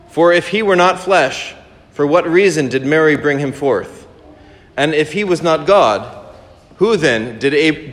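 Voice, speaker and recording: A man delivers a sermon in a slightly raised voice. It rolls through a long chain of rhetorical questions, then eases into quieter commentary. A long reverb trails each phrase. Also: a little high. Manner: reads a quoted text aloud, then comments quietly; rhythmic, repetitive rhetorical questions. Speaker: preacher.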